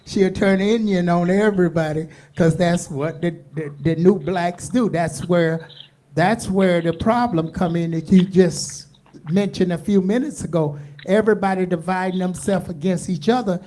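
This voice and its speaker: Folksy woman radio host with a mellow voice. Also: lowish voice, moderate pace. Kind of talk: casual call-in radio chat.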